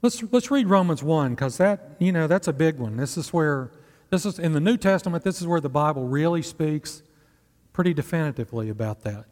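His voice is a little high and darkish in tone, expressive and fairly quick. This male pastor preaches conversationally, asking his congregation rhetorical questions, and the recording has a long hall reverb.

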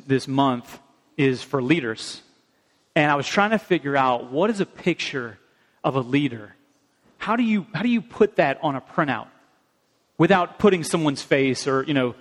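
A middle-aged man, a pastor, telling personal stories in an animated sermon. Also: a little high. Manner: animated storytelling, acts out his mother's voice. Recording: long reverb of a large hall.

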